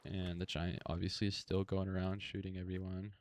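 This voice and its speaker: A man casually retelling a movie in a flat, monotone way over gameplay, speaking close to a desktop microphone with plenty of fillers. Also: low-pitched, brisk, slight background noise. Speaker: gaming video creator.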